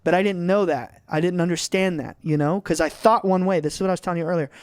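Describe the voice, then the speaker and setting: A man's voice: sits high, fast talker, no room sound, clean studio sound. A man in his twenties, a podcast guest, telling stories earnestly and with energy in casual chat. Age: 20s. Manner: earnest, animated storytelling with restarts.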